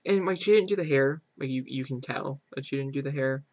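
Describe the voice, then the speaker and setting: A man hosting a casual let's-play commentary, chatty and excitable, with lots of fillers, who often slides into exasperated ranting. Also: medium pitch, brisk. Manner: heavy filler "like", "super duper". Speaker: gaming channel host.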